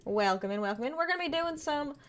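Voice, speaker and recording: Casting: twangy Southern gal greeting viewers, a woman doing the accent, bouncy animated delivery. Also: sits high, fast, a little hiss or hum, voice pushed up. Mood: playful. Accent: put-on American Southern. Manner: lively, drawling, greets viewers with howdy. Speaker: game streamer. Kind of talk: casual live-stream chat.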